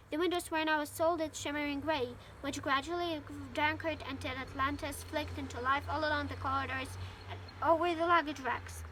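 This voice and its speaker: A woman with Ukrainian as her first language reading a novel aloud in English, with occasional slips and restarts. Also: high-pitched. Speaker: storybook reader.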